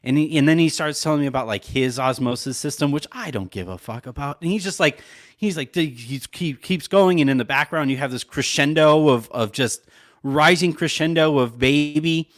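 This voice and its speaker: A man's voice: a little high, normal speed. A man co-hosting a podcast, telling a long story in a loose, rambling way full of "like" and frequent laughs. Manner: rambling, lots of "like", laughs often. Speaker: podcast co-host. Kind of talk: casual chat, storytelling.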